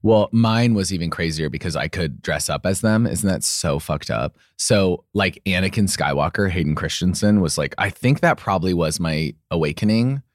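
A man's voice: low-pitched, expressive, normal speed, few pauses, dry recording, studio quality. A man co-hosting a podcast in casual chat, playful and campy, often breaking into laughter. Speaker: podcast co-host.

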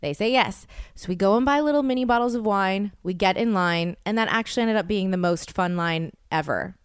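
A woman in her thirties hosts a solo podcast, spinning a rambling story full of quoted asides. Her voice is smooth and clear at a middle pitch. It is recorded close and dry, with no room sound. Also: fairly quick, no echo. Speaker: podcast host.

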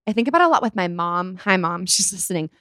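A woman's voice: lowish voice, animated, quick pace, bright, forceful tone, no echo, studio quality. A young woman co-hosting a casual chat, talking freely with many "like" fillers. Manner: chatty, lots of "like" fillers. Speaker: podcast co-host.

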